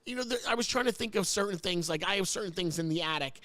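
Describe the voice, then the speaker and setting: A man's voice: sits high, fast, pushed and bright. A man from New Jersey hosting a casual chat, telling a long story in a rambling way, often repeating words and getting choked up. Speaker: host.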